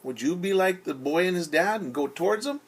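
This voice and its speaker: A young male teacher hosts story time, musing aloud and asking young listeners gentle questions. His voice sits fairly high and swoops in a lively, sing-song way. There's a slight huskiness to it. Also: a little fast, slightly rough. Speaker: teacher reading to children.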